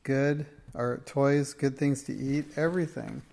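A man doing a charming magical piper from a storybook, rich and jolly in tone. He talks in a courtly, coaxing way. The voice has a gravelly texture. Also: medium pitch, steady tone, unhurried, warm tone.

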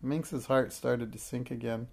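A storyteller reads a children's tale aloud in a steady, expressive way. The voice sits at a middle pitch with a gravelly fry running through it. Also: unhurried.

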